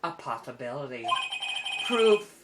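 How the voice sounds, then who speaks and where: A woman reading the lines of a composed female witness in a calm, detached way, with game music playing behind her. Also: a bass voice, measured pace, very noisy, full character voice. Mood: cool.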